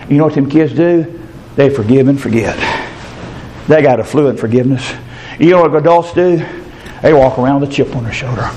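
An older man preaching a fervent sermon, dropping into low asides and then rising into high, shouted passages. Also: a little hiss or hum. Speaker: pastor.

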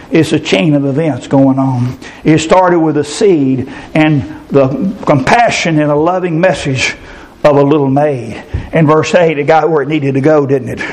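A man preaching a sermon, often shouting and rising into fervent cries. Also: a little high.

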